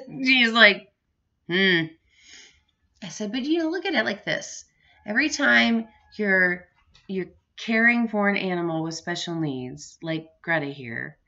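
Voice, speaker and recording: A middle-aged woman talking casually to the camera from her home, rambling from one thought to the next and laughing often. Her voice is bright and forward. The recording is somewhat dull and lo-fi. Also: on the low side. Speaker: vlogger. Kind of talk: casual home vlog chat.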